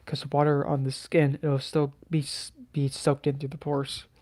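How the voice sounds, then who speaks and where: Speaking to camera, a man who hosts the channel shares a personal story, his voice soft, mellow, and dark. His delivery is hesitant, full of restarts and frequent sighs, with a level, unvarying pitch.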